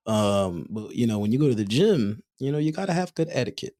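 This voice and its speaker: A man's voice: medium pitch, animated, fairly quick, mellow. Guy cohosting a podcast, joking around, voice swings up and down a lot. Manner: joking, storytelling with acted quotes. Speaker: podcast co-host. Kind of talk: casual chat.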